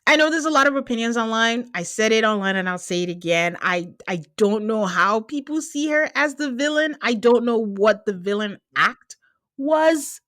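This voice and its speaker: Woman host doing a reality show recap, chatty and animated, acts out quotes, dry close sound. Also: a little high, normal speed, dry recording. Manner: animated, laughing, mimics people in quotes. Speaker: podcast host. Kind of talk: casual recap chat.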